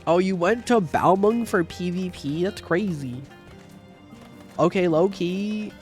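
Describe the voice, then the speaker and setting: A man in his thirties chatting casually on a game livestream, rambling and swearing, with sudden loud outbursts. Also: sits high, faint music behind. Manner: profane, rambling, quick bursts of shouting. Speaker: streamer. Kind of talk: casual livestream chat while gaming.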